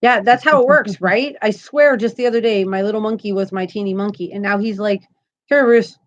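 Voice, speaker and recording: A woman's voice: medium pitch, fairly even intonation, a little fast, highs cut off. A woman in her thirties hosting a live crochet stream from home, chatty and giggly as she reads viewer comments aloud. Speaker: crochet channel host. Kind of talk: casual live-stream chat.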